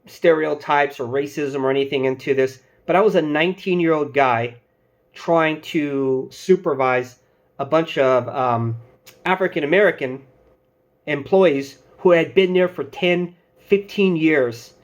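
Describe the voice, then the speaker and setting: Chatty man with a higher voice. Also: unhurried. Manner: loose storytelling, acting out quoted bosses and coworkers. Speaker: security channel host giving advice. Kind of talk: casual advice talk to camera.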